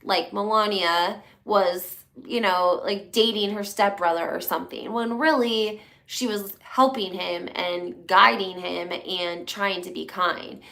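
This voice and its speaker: A woman's voice: mid-range voice, steady tone, slow pace, creaky, few pauses, pushed and bright. A woman hosting a casual reality TV gossip chat, talking in a rambling way with many fillers. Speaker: host.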